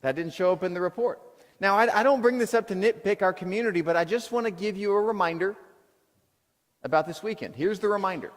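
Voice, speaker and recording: A middle-aged man preaching a sermon as pastor, telling self-deprecating stories in an animated way. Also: sits high. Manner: storytelling with self-deprecating humor, animated retelling. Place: church auditorium. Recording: long hall reverb.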